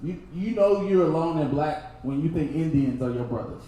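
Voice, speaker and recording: A young man from Texas works through a stand-up set, laughing between lines and slipping into loud impressions. His voice sits a little high. The sound bounces around a very reverberant room, with faint hiss underneath. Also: animated, moderate pace. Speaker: stand-up comedian. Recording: very echoey room, faint noise.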